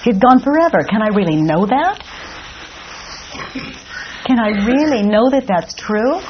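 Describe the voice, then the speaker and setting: A woman leads a participant through self-inquiry, asking questions in a calm, deliberate way. Her voice sits at a middle pitch. The sound is dull and lo-fi, with a faint hiss. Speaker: workshop facilitator. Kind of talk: guided self-inquiry dialogue.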